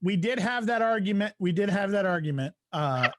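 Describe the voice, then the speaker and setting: A man's voice: high-pitched, lively intonation, brisk, noisy background. A man hosting a casual weekly group video call, rambling through stories with fillers and restarts. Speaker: host.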